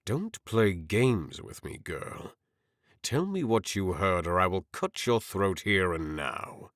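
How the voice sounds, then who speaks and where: A man's voice: low voice, very animated, takes it slowly, fairly bright tone, dry recording, studio quality, full character voice. A man voicing a cold, threatening, power-hungry lord in an audiobook. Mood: menacing. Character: scheming older lord, menacing and power-hungry.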